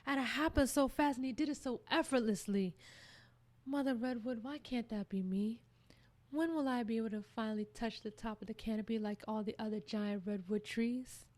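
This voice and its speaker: A woman's voice: a little high, moderate pace, darkish tone, lightly acted. A woman voicing a young male redwood tree who is eager and anxious, speaking in a pleading, questioning way.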